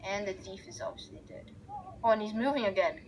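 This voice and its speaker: A young woman giving rambling, excitable let's play commentary as she narrates a game aloud. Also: medium pitch, brisk, a little hiss or hum, low-quality recording. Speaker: gamer.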